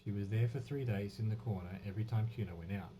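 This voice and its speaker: A crude, hostile young boy speaks gruffly of himself in the third person, as a man voices him. The voice sits fairly low. A steady hiss runs under the recording. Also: fast talker, muffled recording, natural voice. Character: foul-mouthed hostile young boy, swaggering.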